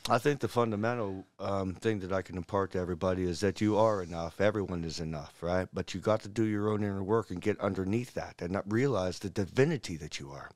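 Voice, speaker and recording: Man, low voice, rambling storyteller, dry close mic. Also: fast talker, hardly any pauses, dry recording. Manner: animated, jumps between stories and voices. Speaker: podcast guest, healer.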